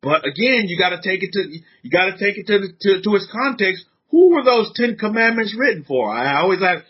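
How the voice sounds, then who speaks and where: Very animated and brisk, this man barely pauses, his high-pitched voice edged with breathiness. He's a San Antonio religious teacher preaching an informal, fervent, conversational sermon full of casual slang, recorded in dull lo-fi.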